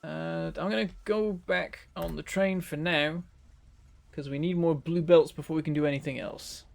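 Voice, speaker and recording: A man from northern England with a softened northern English accent, rambling and chatty as he streams a game. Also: a little high, steady tone, moderate pace, vocal fry. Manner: rambling, chatty, self-correcting. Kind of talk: casual live-stream game commentary.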